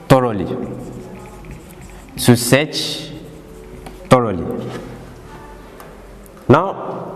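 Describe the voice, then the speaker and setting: Slow, deliberate man teaching French. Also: medium pitch, darkish tone. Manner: repetitive, drills words again and again. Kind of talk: slow classroom explanation. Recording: long reverb with faint background noise.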